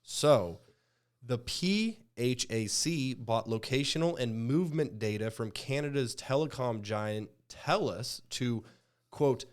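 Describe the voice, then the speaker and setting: A man's voice: mid-range voice, slow pace. A man hosting a casual news podcast, talking in a rambling, loose way with frequent chuckles. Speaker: host.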